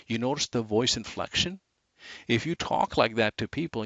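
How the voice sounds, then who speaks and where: A man giving a motivational sales training talk, animated, shifting his inflection and speed for emphasis. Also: mid-range voice, moderate pace, no room sound. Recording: dull lo-fi dry recording.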